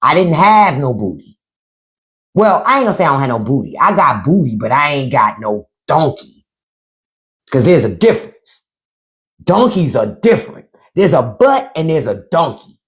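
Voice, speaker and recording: A woman hosting a live stream in casual comedic chat, loud and playful, swearing and swinging her voice from high to low. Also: big pitch swings, moderate pace. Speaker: podcast host on a live stream. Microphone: phone or desk mic on a live stream.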